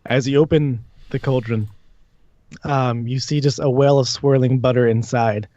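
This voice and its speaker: Casual game master narrating, dry, dull lo-fi stream. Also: male voice, mid-range voice, steady tone, moderate pace, mellow, no echo. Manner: laughs often, casual.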